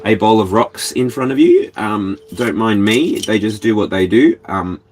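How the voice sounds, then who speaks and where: A man's voice: lowish voice, sing-song, unhurried, darkish tone, faint music behind. A man with an Australian accent hosting a casual tarot livestream from his caravan, rambling playfully and breaking into bits of song. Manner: rambling, playful, sings snatches of songs. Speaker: tarot reader, livestream host.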